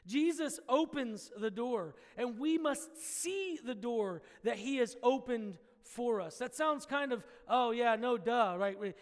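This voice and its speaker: A man preaching a sermon as a pastor, emphatic, with loud bursts, soft drops and playful conversational asides. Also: very high-pitched, in a large hall.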